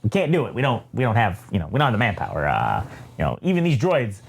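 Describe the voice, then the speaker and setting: A man's voice: fairly low pitch, huge pitch swings, fast talker, creaky, husky, pitched below the performer's own voice, full character voice. A man voicing a nervous, stammering male officer in a comic retelling. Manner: stammering, hesitant.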